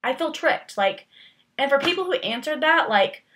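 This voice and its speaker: A young woman chatting straight to her camera, rambling and playful, her talk full of fillers. Her voice sits a little high and sounds bright and forward. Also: animated, moderate pace. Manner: playful, exaggerated emphasis. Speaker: vlogger. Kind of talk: casual chat answering tag questions.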